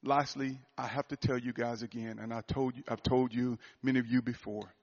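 A man's voice: mid-range voice, fairly quick. Emotional male preacher, lo-fi recording. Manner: emotional, laughing often, animated storytelling. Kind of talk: sermon.

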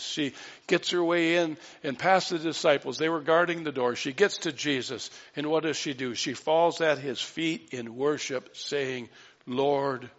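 A man preaching a sermon, retelling a Bible story and acting out the voices in it. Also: a little high. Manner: storytelling, acts out quoted voices with dropping softness. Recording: dull lo-fi sound with long hall reverb.

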